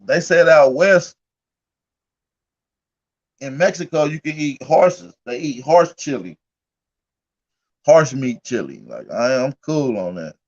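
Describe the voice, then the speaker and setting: A man's voice: on the high side, lively intonation, slow, long pauses, highs cut off. A man hosting a casual livestream, telling stories in a loose, profane, laughing way. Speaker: livestream host.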